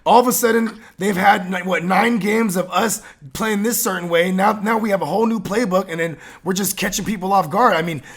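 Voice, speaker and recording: A man with a fairly high voice hosting a laid-back sports podcast. He talks in an animated, loose way, full of fillers and swearing, and laughs easily. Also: a little fast, few pauses. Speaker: podcast host. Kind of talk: casual sports chat.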